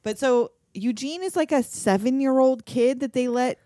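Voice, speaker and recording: Animated woman recapping a movie. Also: high-pitched, moderate pace, no room sound, clean studio sound. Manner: animated, swears casually, laughs often. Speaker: podcast co-host. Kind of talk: casual movie recap chat.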